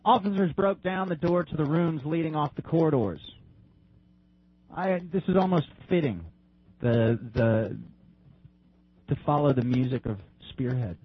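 Husky man reading aloud. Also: on the high side, unhurried, pauses often. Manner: reads steadily, then comments loosely with restarts. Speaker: online show host. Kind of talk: reading a news article aloud with commentary. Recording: dull lo-fi stream audio.

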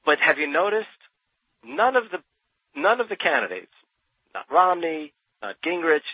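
This man sounds a little high and very animated, talking at a moderate pace with a breathy edge and no echo. He's a New Jersey radio guest who knows Thomas Paine, and he speaks passionately and emphatically, often repeating words to build a point. It comes through as dull, dry lo-fi radio sound.

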